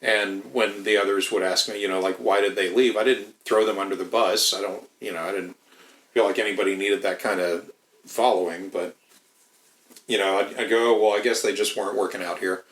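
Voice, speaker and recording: A man's voice: lowish voice, fairly even intonation, moderate pace, fairly bright tone, reverberant, poor audio. A man in casual podcast chat, rambling with lots of swearing and restarts. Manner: rambling, profane, many restarts.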